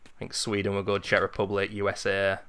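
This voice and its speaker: A man in his thirties giving casual play-by-play of a retro hockey video game, chatty and wandering, jumping into excited calls. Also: low voice, a little fast, clear, resonant tone. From Britain. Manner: chatty, drifts into memories, rises into excited calls at goals. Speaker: gaming video host.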